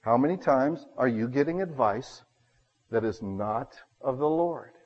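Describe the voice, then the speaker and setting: A man preaching a sermon, telling homey stories and swinging between loud bursts and hushed asides. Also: medium pitch, animated, unhurried, big-room sound, highs cut off.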